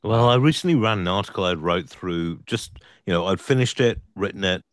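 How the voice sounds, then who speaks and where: A man joining a casual tech chat as panelist, with measured, thoughtful asides. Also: sits low.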